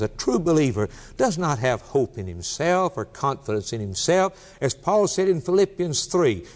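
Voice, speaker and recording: A man's voice: mid-range voice, a little mellow. Emphatic male preacher in a hall. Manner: emphatic, repetitive preaching cadence. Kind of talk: sermon. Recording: long hall reverb.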